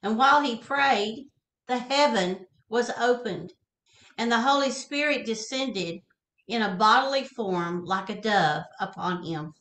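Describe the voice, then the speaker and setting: Woman co-host, slow and soft scripture reader, echoey room. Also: on the high side, expressive. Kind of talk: scripture reading and affirmations.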